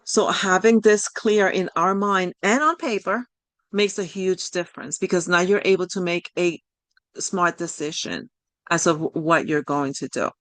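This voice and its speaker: An encouraging woman coach with a non-native English accent talks through an online workshop in a slightly low voice. She rambles a little, with frequent fillers and quick apologies. Her voice sounds close and dry over a video call. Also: no room sound. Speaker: life coach leading a group session.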